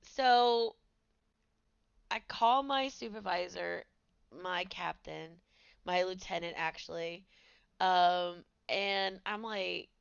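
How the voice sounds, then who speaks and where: A woman in her thirties tells her own story slowly and candidly, with a gravelly edge to her voice. It sounds dry and close, though the recording is a bit dull and lo-fi. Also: on the low side, no room sound. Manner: candid, conversational, with many fillers. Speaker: podcast host. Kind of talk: personal storytelling.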